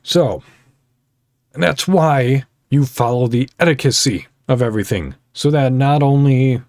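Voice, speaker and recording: A man's voice: medium pitch, measured pace, a little mellow, no echo, clean studio sound. A man hosting a casual solo podcast, talking in a rambling, heartfelt way with many fillers and restarts. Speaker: podcast host.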